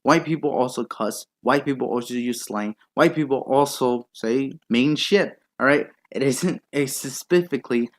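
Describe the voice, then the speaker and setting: A man's voice: medium pitch, normal speed, few pauses. A man commentating a video he disagrees with, in a sarcastic, profane and incredulous rant. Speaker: YouTube commentator. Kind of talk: reaction rant.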